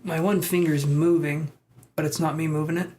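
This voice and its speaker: A man's voice: on the high side, level tone, moderate pace, dark tone. A chatty man on a live tarot stream, talking loosely and wandering from thought to thought. He answers viewer comments in an easygoing, unscripted way, picked up by a simple streaming mic.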